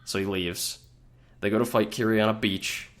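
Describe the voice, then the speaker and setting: A man's voice: on the low side, steady tone, moderate pace. A man co-hosting a podcast, recapping an episode in a rambling, profane, laughing way. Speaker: podcast co-host. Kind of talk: casual recap chat.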